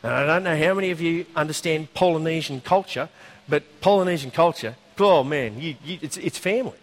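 A man preaching a sermon, telling a story in a conversational, animated way with asides. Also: on the high side, brisk.

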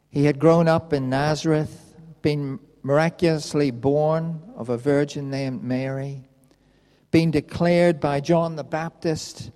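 A male preacher delivers a sermon at an unhurried pace, his tone mellow and warm. A long hall reverb trails each phrase as he reads scripture and explains it. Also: on the high side. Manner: slow, measured delivery. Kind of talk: sermon with Bible reading.

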